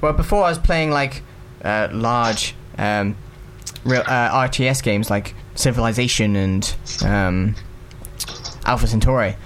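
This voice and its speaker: Co-host, man, halting and playful delivery, mid-pitched, faint background noise. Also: a bit bright. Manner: hesitant, lots of ums and uhs, playful. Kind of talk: casual radio chat.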